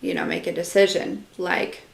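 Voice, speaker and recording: A woman's voice: fairly low pitch, fairly even intonation, moderate pace, vocal fry, reverberant, background noise. A woman giving a casual live-stream channeled message as an intuitive reader, rambling with lots of fillers, talking straight to her viewers and answering their comments.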